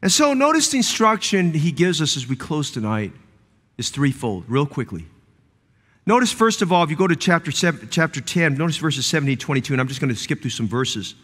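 Man, pastor, sermon, high voice, emphatic repeated phrases, church reverb. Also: big pitch swings, brisk, a bit bright, slightly rough. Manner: emphatic, rising preaching cadence with repeated phrases. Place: church sanctuary.

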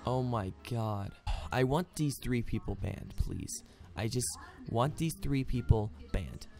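A man's voice: mid-range voice, slow pace, creaky, a little mellow, soft background music. A man ranting furiously over his gameplay at home, swearing constantly and stammering through restarts. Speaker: gaming video creator. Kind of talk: gameplay commentary rant.

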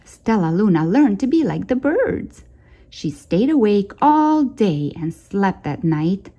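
A woman hosting a storytime channel, reading a children's picture book aloud in a gentle, expressive way. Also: mid-range voice, slow pace, highs cut off. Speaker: storytime host.

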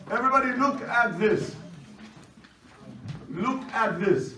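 A man teaching a language class, brisk and commanding, who repeats his instructions. His first language is Chaldean Aramaic. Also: high-pitched, big pitch swings, bright, forceful tone, a little hiss or hum. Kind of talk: classroom lecture. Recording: roomy, distant classroom recording.

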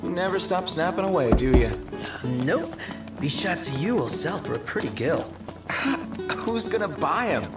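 Animated game characters, kinda teasing, far off and roomy with music under. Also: medium pitch, a little slow. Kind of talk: video game dialogue.

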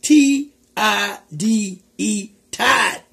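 A man's voice: high-pitched, extremely slow, gravelly, fairly bright tone. A man hosting a casual comic vlog, talking in a weary drawl and saying how tired he is. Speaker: vlog host.

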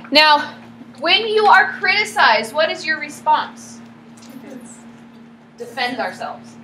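A woman teaching a psychology class, lively and asking her students questions as she goes. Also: high voice. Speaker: psychology lecturer. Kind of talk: classroom lecture with acted examples. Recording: echoey classroom with background hum.

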